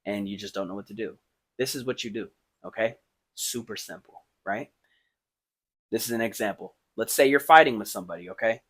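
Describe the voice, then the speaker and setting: A man hosts his podcast, rambling through casual motivational advice with plenty of fillers and checks on the listener. He drops to a hush while thinking, then lifts into emphatic points. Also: fairly low pitch, a little fast, slightly rough. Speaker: podcast host.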